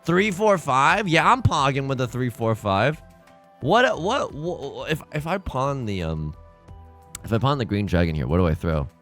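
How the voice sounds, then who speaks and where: A man's voice: mid-range voice, sing-song, a little slow, a bit bright, faint music behind. A man hosting a let's play, giving casual, rambling, self-deprecating commentary while he plays.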